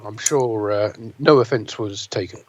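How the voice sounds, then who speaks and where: A man's voice: fairly low pitch, unhurried, a little mellow, no echo. A man co-hosting a casual podcast, wry and dry, often repeating his words. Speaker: podcast co-host, news site editor. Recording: dull dry recording.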